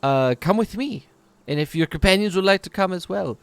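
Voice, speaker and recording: A man putting on a flustered, high-voiced elf shopkeeper. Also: expressive, brisk, clean tone, no echo. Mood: eager. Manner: high, fluttery and overly helpful. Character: flustered, eager wood elf woman pet shop keeper.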